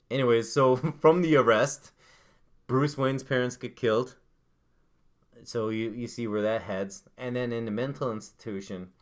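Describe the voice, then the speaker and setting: A man co-hosting a casual chat, laid-back, swearing casually and padding his sentences with fillers. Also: on the low side. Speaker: co-host.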